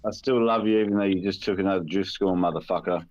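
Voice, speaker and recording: A man's voice: low-pitched, fairly even intonation, fast talker, highs cut off, a crowd in the background. A man on a live stream, joking crudely and cursing. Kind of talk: casual live-stream chat.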